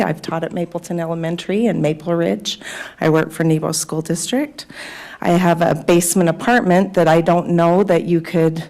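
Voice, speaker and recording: A middle-aged woman speaking as a resident at a public meeting, emotional and trying not to cry, with hesitant pauses. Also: on the low side, warm tone. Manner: emotional, fighting back tears, hesitant. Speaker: resident giving public comment.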